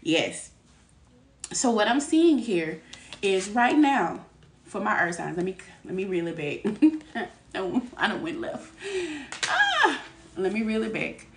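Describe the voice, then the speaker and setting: A woman giving a live tarot reading. She talks in a candid, lively way, laughs often and uses streetwise slang. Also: medium pitch, slow, pauses often, distant mic, a little hiss or hum. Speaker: tarot reader. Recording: echoey room, voice a bit off-mic.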